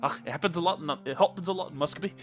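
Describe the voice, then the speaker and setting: A man voicing a gruff, chatty old male pub owner. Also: a little high, very fast, soft background music, voice pushed up, close to an everyday voice. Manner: gruff and rambling, calls people love.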